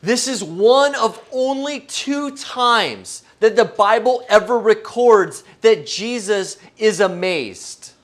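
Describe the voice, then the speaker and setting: Unhurried joking male pastor. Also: sits high, animated, a bit bright. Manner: humorous, self-deprecating, asks the audience questions. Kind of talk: conversational sermon.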